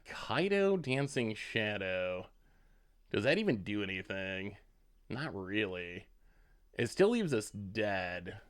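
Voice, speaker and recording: Lively man commenting on a card game. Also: lowish voice. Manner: thinks aloud, chats with viewers. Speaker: streamer playing a card game.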